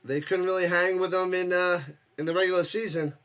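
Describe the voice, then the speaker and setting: High-voiced man calling plays loosely. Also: fairly even intonation, fairly quick, fairly bright tone, clean tone. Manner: loose, jokey, reads chat, bursts up for plays. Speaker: watch party streamer. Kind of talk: casual play-by-play with chat.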